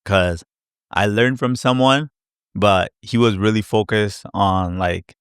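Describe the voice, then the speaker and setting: A man hosting a casual live Q&A stream, chatty and animated, acting out his past reactions with little sound effects. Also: on the low side, takes it slowly, smooth, no room sound, studio quality. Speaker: crypto educator hosting a live Q&A. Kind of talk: casual livestream chat.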